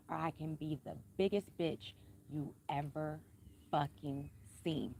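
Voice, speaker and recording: A woman vlogging in a casual, blunt way, cussing freely and speaking pointedly with emphatic repetition, keeping her voice calm and unraised. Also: slight background noise. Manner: says she is a singer who keeps her voice calm and low-key. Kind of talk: casual personal talk to camera.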